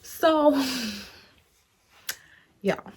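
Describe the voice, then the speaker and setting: A young woman vlogger telling a workplace story in an animated, chatty way, talking straight to her viewers and swearing freely. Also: drawn-out words. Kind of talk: casual storytime.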